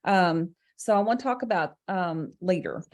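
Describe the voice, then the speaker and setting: A woman hosting a casual recap chat, leading the topics in a measured, encouraging way. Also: lowish voice, expressive. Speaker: host.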